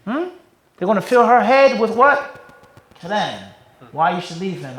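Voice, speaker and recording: A man teaching an Islamic class and answering questions. He keeps pausing to ask the class "what?" so they fill in the word, and swings from loud emphasis to quiet asides. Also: high-pitched, lively intonation, poor audio. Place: classroom with a live audience.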